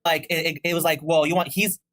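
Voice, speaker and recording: A man in a casual chat, making a point quickly with halting restarts. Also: a little high, flat delivery, a bit bright.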